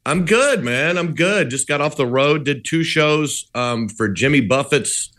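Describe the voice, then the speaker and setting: A man's voice: on the high side, animated, unhurried, a bit bright. A male comedian chatting on a radio show in a laid-back, joking way. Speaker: comedian guest. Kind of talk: casual radio chat.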